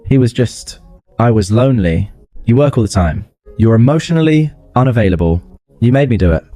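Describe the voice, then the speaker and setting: A man's voice: mid-range voice, expressive, fairly quick, dark tone, no echo, lightly acted. A man voicing a frightened young woman who pleads and stammers on a jail phone call. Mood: desperate.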